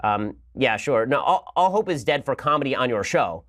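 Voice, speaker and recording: A man's voice: mid-range voice, very animated, fairly bright tone, dry recording, clean studio sound. A man hosting a show, delivering a sarcastic political commentary monologue. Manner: rapid-fire, sarcastic. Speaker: host.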